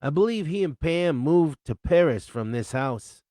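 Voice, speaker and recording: A man's voice: on the high side, lively intonation, a little slow, warm tone, dry recording, studio quality, pitched above the performer's own voice. A man voicing a chatty, upbeat male friend. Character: cheerful male friend, talkative.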